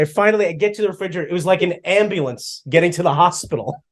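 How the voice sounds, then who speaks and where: A middle-aged man co-hosting a podcast, chatting casually and telling stories with lively acted-out asides. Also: high-pitched, rapid-fire. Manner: animated storyteller, acts out his own past lines. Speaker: podcast co-host. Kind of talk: casual chat.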